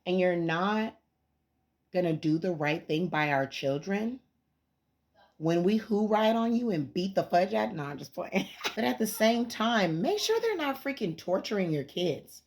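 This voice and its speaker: A woman in her thirties, a parent, giving an impassioned, emphatic rant to camera, rising to near shouting. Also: lowish voice, animated, measured pace.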